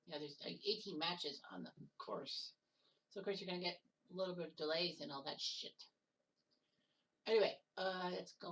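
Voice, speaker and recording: A woman's voice: on the low side, brisk, a bit bright, distant mic. A woman giving casual solo commentary on golf results, with joking asides, name corrections and the odd curse word. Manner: joking asides, correcting mixed-up names, occasional swearing. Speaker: commentator of a simulated golf match-play event.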